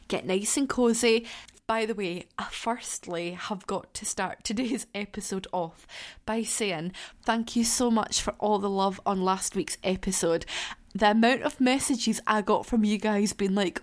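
A woman's voice: mid-range voice, normal speed, soft background music. A woman hosting her own podcast from her living room, talking in a candid, chatty way and laughing and swearing freely. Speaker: podcast host. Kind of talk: casual solo podcast chat. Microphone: laptop beside her.

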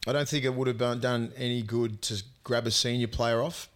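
An Australian man co-hosting a casual chat, relaxed and blunt, swearing as he gives his opinions. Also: mid-range voice, a little fast. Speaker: podcast co-host. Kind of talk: casual chat and sports talk.

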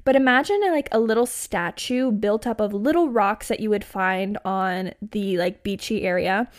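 A woman's voice: mid-range voice, normal speed. A woman in her twenties hosting a podcast, chatting through a funny personal story with lots of "like" and laughs. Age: 20s. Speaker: podcast host. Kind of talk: casual storytelling.

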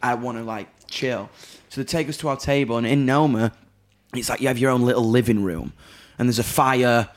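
A Northern English man spinning an anecdote in a loose, sweary, deadpan way. His voice sits at an ordinary middle pitch, and he keeps jumping into little acted-out lines of dialogue. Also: fairly quick. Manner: dry, sweary, animated anecdote-telling with acted quotes. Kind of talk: casual storytelling chat.

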